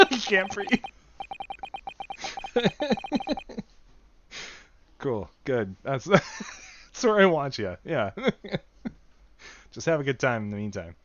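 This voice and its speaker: A man's voice: medium pitch, sing-song, very slow, long pauses, fairly bright tone, dull audio. A man streaming a game, talking in a jokey, rambling way and laughing often. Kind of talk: casual game commentary. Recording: game music behind.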